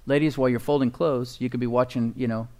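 A man's voice: medium pitch, fairly even intonation, quick pace, a little mellow. A man preaching a sermon as pastor, emphatic and folksy, often asking the congregation for agreement and chuckling at his own points.

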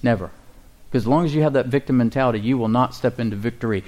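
A male pastor gives a call-and-response sermon in a middle-pitched, darkish voice. He asks his listeners questions and slows down to read scripture aloud.

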